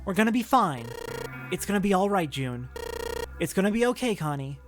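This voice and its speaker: A narrator voicing a young man who softly comforts someone, while reading a visual novel aloud. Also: mid-range voice, sing-song, fairly quick, over music, voice pushed up, natural voice. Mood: soothing.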